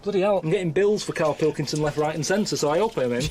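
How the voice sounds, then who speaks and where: A man, presenting a travel documentary on location in a deadpan, weary, grumbling way. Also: on the high side, fast, a little hiss or hum.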